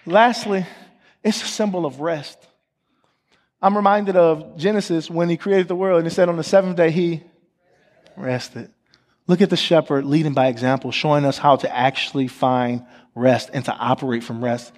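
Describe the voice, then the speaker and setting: A male pastor with a fairly high voice preaches at a moderate pace in a church sanctuary, using call-and-response by having the congregation repeat after him and asking them questions. He jokes with them between points, and the recording carries long hall reverb from the sanctuary.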